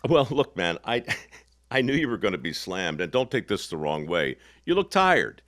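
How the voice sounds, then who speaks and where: Brief: man in his 60s, podcast host, low voice with lively swings, folksy teasing delivery, dry close sound. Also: normal speed, no echo. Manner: folksy, teasing, emphatic storyteller. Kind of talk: casual conversational interview.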